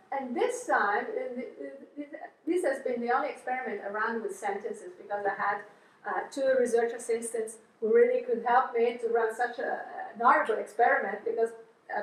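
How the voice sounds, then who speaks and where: Echoey, distant woman lecturing, conversational. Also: on the high side. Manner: conversational and explanatory, with many fillers and restarts. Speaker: researcher giving a seminar lecture. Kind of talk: academic lecture. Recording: echoey room, voice from far off.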